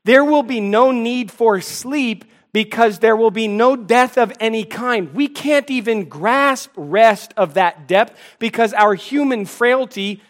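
A man's voice: very high-pitched, slow, hardly any pauses. A middle-aged male pastor preaching a sermon, building emphasis through repeated declarations.

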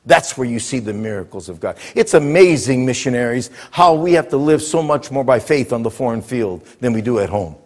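A man's voice: medium pitch, lively intonation, brisk, hardly any pauses. A man preaching a sermon to a congregation, drawing call-and-response answers from the room. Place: church with congregation. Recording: echoey hall.

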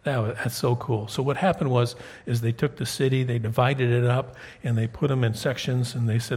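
A man's voice: medium pitch, steady tone, a little fast, few pauses, darkish tone, husky. A man preaching a sermon, reading King James scripture aloud and asking his congregation questions in a conversational way.

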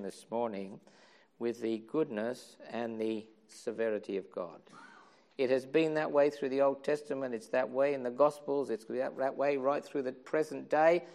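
A man preaching a sermon with passion, moving from hushed tones to loud outbursts and repeating phrases for emphasis. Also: medium pitch. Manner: impassioned, swings from hushed to loud.

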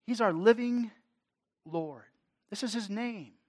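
A man's voice: sits high, takes it slowly. A man preaching a sermon, his delivery swelling and dropping in force. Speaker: pastor.

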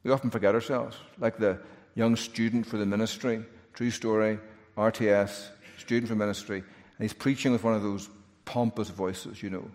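A man's voice: fairly low pitch, fairly even intonation, moderate pace. Earnest male preacher in a reverberant hall. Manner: earnest, swelling to emphatic peaks, then hushed in prayer. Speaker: pastor. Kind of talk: sermon. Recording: long reverb of a large hall.

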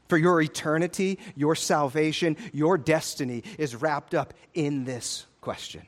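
A high-pitched man preaching to his congregation in a church sanctuary. He presses his points with emphatic, urgent peaks, then sinks to slow, hushed low lines for weight. His delivery is that of a pastor giving a Sunday sermon.

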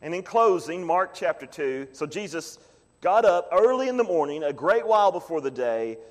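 A man preaching a sermon as pastor, emphatic, swinging from loud pleading to quiet low asides. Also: very animated, moderate pace, big-room sound.

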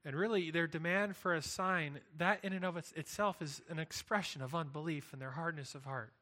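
A man's voice: a little high, a little fast, bright, forceful tone. A man preaching a sermon, earnest and emphatic, building points through repetition. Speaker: pastor.

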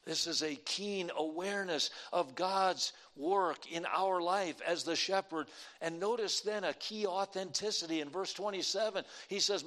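Male preacher, high-pitched, emphatic sermon delivery, loud and soft swings. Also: a little slow.

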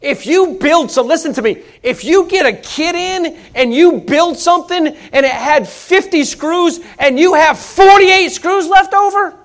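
High-voiced animated male preacher. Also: a little slow, hardly any pauses. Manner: animated, emphatic, folksy preaching with repetitions. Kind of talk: sermon.

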